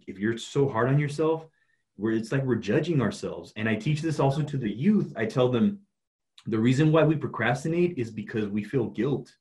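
A man's voice: medium pitch, a little mellow. A man who works as a life coach, talking earnestly in a casual conversation, often restarting his sentences. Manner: earnest, halting, many restarts.

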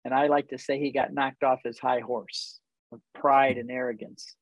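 A man's voice: mid-range voice, flat delivery, moderate pace, dry recording, rough recording. A man telling a personal story in conversation as a guest who leads tour groups, earnest and reflective and easily moved.

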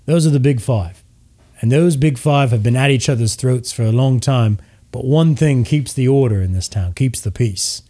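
A man playing a cynical male security chief explaining the town's order in a tabletop game. He talks plainly and wearily, a bit lower than usual. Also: normal speed, dark tone, lightly acted. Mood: wry.

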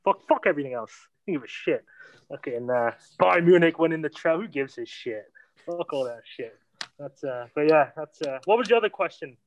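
A man's voice: fairly high pitch, animated, brisk, muffled recording. A man chatting casually about football, swearing and laughing as he talks.

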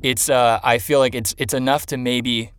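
A man's voice: mid-range voice, steady tone, normal speed, a little hiss or hum. A young man, a commercial director, telling a story casually and animatedly, acting out the people he quotes and laughing at himself.

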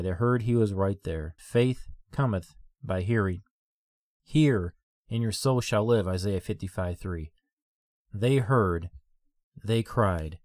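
A man's voice: fairly low pitch, a little mellow, dry recording, clean studio sound. A man preaching a sermon in a repetitive, rhythmic cadence, asking listeners direct questions.

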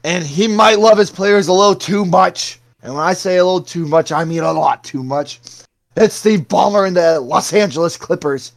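Higher-pitched guy doing a crude jokey countdown like an announcer. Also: normal speed. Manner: crude, joking, mock-announcer delivery. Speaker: podcast co-host. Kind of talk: casual sports podcast countdown.

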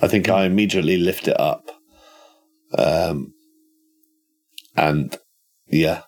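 A man's voice: low voice, slow, a little mellow. A man playing a tabletop horror game, planning his moves aloud in a matter-of-fact, casual way. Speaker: player.

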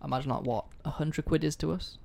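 A man with a gravelly, creaky edge to his voice chats in a relaxed, joking way. He sounds like a co-host tossing in quips and tangents. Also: a little high, quick pace. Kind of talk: casual chat.

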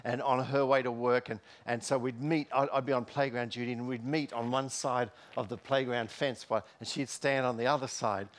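A man's voice: medium pitch, steady tone, normal speed, hardly any pauses. A middle-aged man preaching a sermon in a church, telling personal stories with many fillers and restarts. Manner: storytelling, with frequent fillers and restarts.

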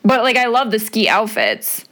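A woman's voice: a little high, sing-song, normal speed, a bit bright. A middle-aged woman hosting a podcast on her own, talking in a casual, chatty way that is full of swearing and "like" fillers. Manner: chatty and profane, many "like" fillers. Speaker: podcast host. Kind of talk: casual solo podcast chat.

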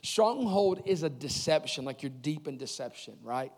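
A man preaching a sermon at a church service, animated, with loud emphatic peaks and quick asides. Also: a little high. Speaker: pastor. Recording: long reverb of a large hall.

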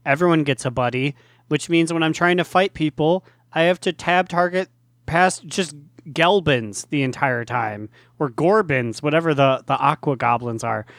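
Male co-host, fairly high voice, dry close recording, laid-back joking delivery. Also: normal speed, gravelly, fairly bright tone, dry recording. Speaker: podcast co-host. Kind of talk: casual gaming chat.

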